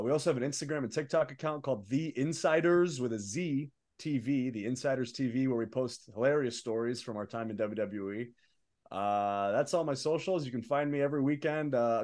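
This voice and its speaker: A young man, a wrestler guest, telling stories in a casual interview with rising excitement. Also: medium pitch, a little fast. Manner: animated, building excitement in stories.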